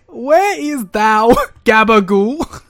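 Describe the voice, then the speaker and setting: A man's voice: very high-pitched, sing-song, very slow, fairly bright tone, no room sound, studio quality, pitched above the performer's own voice, heavily acted. A man putting on a goofy mock accent, mashing a tough New York voice with old-fashioned fantasy speech. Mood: brash goofy.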